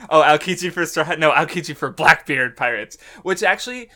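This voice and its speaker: An excitable man talks casually on a podcast, laughing a lot and swearing freely. His voice sits a little high and rings bright and forceful. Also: brisk. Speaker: podcast co-host. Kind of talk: casual chat.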